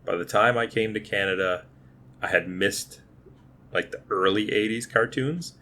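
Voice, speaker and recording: Man, 30s, deep low voice, casual podcast co-host, thinking aloud. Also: fairly even intonation, moderate pace, sharp tone, a little hiss or hum. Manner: talkative, repeats words while thinking. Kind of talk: casual movie review chat.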